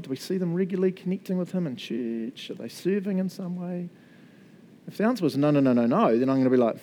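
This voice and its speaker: A man's voice: a little high, dark tone. A male pastor preaching a sermon in a casual, chatty way, often laughing as he talks.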